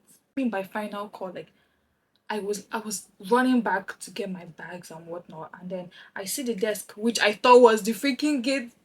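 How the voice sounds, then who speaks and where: A young woman from Nigeria telling a lively travel story while doing her makeup, acting out the other people's lines. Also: mid-range voice, husky, low-quality recording. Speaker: vlogger. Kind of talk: chatty get-ready-with-me story time.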